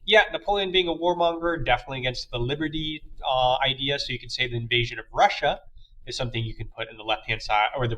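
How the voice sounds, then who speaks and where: A man's voice: mid-range voice, fairly bright tone, poor audio. A young man teaching a history lesson in a loose, chatty way, with lots of fillers and playful asides. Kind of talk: casual classroom lecture.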